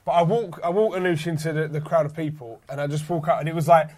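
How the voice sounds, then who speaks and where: A man's voice: a little high, fast talker, a loud crowd. A man, co-hosting a casual chat and telling stories with lots of laughter. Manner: animated, laughing storyteller. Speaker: podcast co-host.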